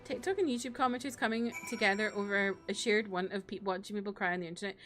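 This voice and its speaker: A woman's voice: mid-range voice, quick pace, fairly bright tone, faint music behind. A young woman streamer chatting casually and sarcastically while she plays, ranting with frequent laughs. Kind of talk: casual live-stream chat while gaming.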